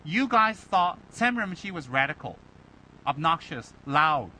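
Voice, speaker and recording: Animated high-voiced man giving a dharma talk. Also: unhurried, a little hiss or hum, low-quality recording. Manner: animated, rhetorical, mocking imitations. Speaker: Buddhist teacher.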